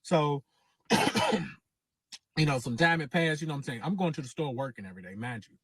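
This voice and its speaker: A man's voice: on the high side, animated, brisk, long pauses, a bit bright, husky. A man hosting his own channel, telling a personal story in a casual, rambling way, swearing a lot and repeating himself. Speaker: host.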